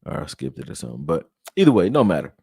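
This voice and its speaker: A man with a fairly low voice hosts a live sports stream and chats in a loose, way, now and then reading viewer comments aloud. The sound is dry and close, with no room around it. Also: huge pitch swings, rapid-fire, gravelly, mellow, slightly rough, no room sound. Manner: loose, conversational, reads viewer chat aloud. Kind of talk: casual live-stream film breakdown.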